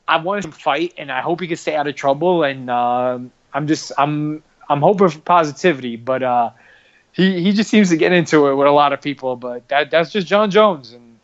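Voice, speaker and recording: A man chatting casually on a podcast, halting and repeating his words as he talks. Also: fairly high pitch, dull audio.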